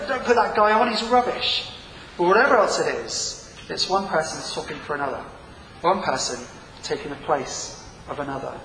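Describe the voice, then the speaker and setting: A man's voice: high voice, a little hiss or hum. A middle-aged man preaching a sermon in a church hall, telling the story with energy and acting out quotes. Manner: lively, animated storytelling with acted-out quotes. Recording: echoey hall with long reverb.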